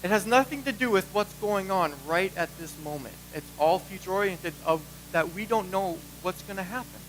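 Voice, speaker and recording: A man preaching a sermon as pastor, animated and acting out the voices he quotes. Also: sits high, normal speed, slight background noise, poor audio.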